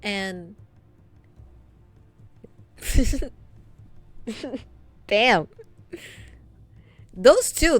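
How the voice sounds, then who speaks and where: Slow, low-voiced young woman streamer. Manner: chatty, laughs often, many ums and trailing asides. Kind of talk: casual chat, storytelling to a live chat.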